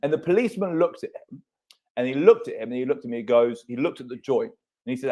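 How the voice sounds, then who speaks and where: Animated man telling stories. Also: mid-range voice, fast. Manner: animated storyteller, swears freely. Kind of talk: casual podcast chat.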